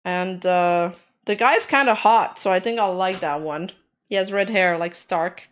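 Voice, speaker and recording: A woman's voice: fairly low pitch, a little slow, smooth. A woman streamer chatting casually while reacting to videos, her voice sore after being sick and her talk laid-back with casual swearing.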